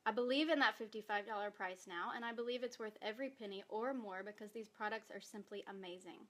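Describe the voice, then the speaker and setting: A fast-talking woman with a mid-range, slightly bright voice reads her own post in a vlog. As a direct sales distributor, she delivers a sincere, emotional personal testimony, holding back tears.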